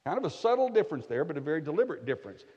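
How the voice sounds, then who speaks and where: A man's voice: a little high, big pitch swings, very fast, a little mellow, husky. A middle-aged man preaching a conversational sermon with folksy jokes, often checking in with his listeners by asking "right?". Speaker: pastor. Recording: echoey hall, slightly dull sound.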